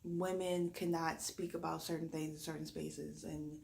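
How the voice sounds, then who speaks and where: A woman with a Southern drawl speaks in a low, gravelly voice with a slight lisp. She is a reiki practitioner giving a reflective talk, reining in her quick pace so she speaks slowly and deliberately. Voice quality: deep raspy voice. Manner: talks fast when excited, deliberately slowing down. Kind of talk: spoken reflection during a reiki session.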